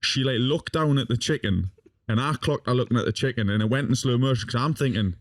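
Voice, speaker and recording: A young man spins a rowdy story for a podcast, swearing freely and breaking into laughter along the way. His voice sits at a middling pitch and sounds close and dry, with no room echo. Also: quick pace. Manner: swears constantly, lively and laughing as he tells it. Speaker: podcast guest. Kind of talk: casual storytelling chat.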